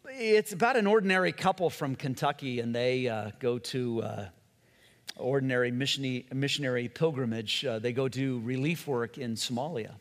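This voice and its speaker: A man's voice: mid-range voice, normal speed, big-room sound. A man preaching a sermon in a conversational way, acting out quotes and often restarting his sentences. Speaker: pastor.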